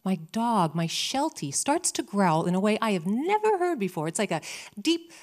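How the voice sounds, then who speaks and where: A woman in her fifties from Canada, telling a personal story with animated, dramatic comic timing. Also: medium pitch, moderate pace.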